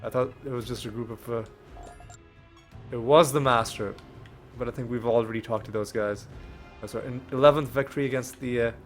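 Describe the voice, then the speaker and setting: A man with a cold, now and then coughing, casually commenting on a video game as a let's play host while rambling and thinking aloud at his desk mic. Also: mid-range voice. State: ill with a cold, occasional coughs. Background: faint game music.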